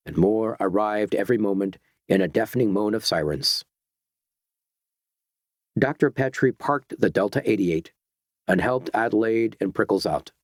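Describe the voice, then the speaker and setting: An audiobook narrator with a low male voice reads a novel aloud in a steady, dramatic style. The recording is dry and close, with no room sound.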